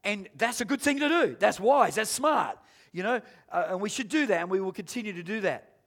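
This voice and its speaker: A male pastor preaches a sermon to his congregation, growing emphatic and rising to shouts as he calls for amens and poses questions to the room. His voice sits high, with lively intonation and a slightly fast pace.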